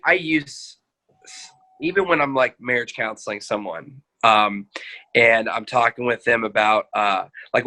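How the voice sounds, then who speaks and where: Guy with a bright clear voice, casual podcast chat, acts out what people said, laughs a lot. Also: mid-range voice. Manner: animated storytelling, acts out quotes, laughs often. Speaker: podcast host; marriage counselor.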